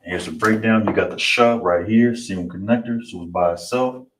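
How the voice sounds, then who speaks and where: Deep-voiced man teaching words, distant echo. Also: a little hiss or hum. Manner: patient, repeats words slowly. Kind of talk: language class lesson. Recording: roomy, distant mic with clatter.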